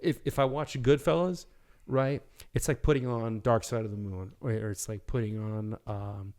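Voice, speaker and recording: A man's voice: mid-range voice, fairly even intonation, moderate pace, a little mellow. A man chatting as a podcast guest, rambling with many restarts and fillers. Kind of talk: casual chat.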